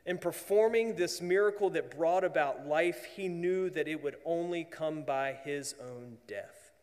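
A man preaching a sermon as pastor, earnest, often dropping to a hushed voice for emphasis. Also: on the high side, unhurried, big-room sound.

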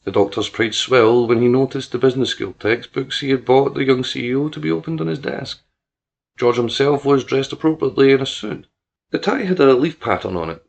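A man reading a scripted serial story aloud in an even, steady manner. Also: medium pitch, a little fast, gravelly.

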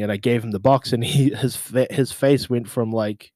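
Man telling event stories, slangy and lively, dry close sound. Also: brisk, hardly any pauses, no room sound. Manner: animated, laughing, acts out quotes with big pitch jumps; slangy, swears casually. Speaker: social media marketing manager. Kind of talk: casual storytelling recap.

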